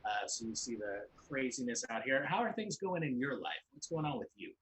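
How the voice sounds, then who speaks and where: A man's voice: medium pitch, very animated, fairly quick, a bit bright, low-quality recording. A man hosting an online comedy show, rambling and often repeating his words. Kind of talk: casual hosting banter.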